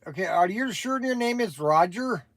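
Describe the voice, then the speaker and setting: A man chats his way through a casual livestream, rambling and often restarting his sentences. His voice sits a little on the high side for a man. The sound is dry, with no room echo. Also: lively intonation, moderate pace. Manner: chatty and rambling, with many restarts. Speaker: livestream host.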